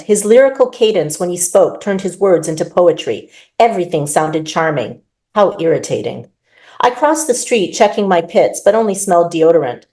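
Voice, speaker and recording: A woman author reading her own urban fantasy novel aloud, in expressive first-person narration. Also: fairly low pitch.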